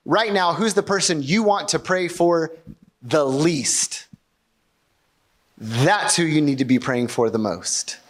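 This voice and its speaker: A man's voice: fairly high pitch, takes it slowly. A pastor preaching a sermon in a conversational way, asking rhetorical questions and often checking in with his congregation.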